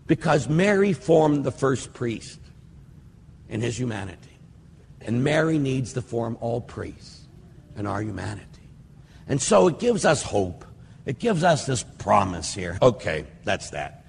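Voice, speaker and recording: Older male priest, informal teaching talk, rambling, slow recited prayers, long hall reverb, faint background hum. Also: medium pitch, sing-song, vocal fry. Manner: conversational, digressive, slows to recite prayers. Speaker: Catholic priest.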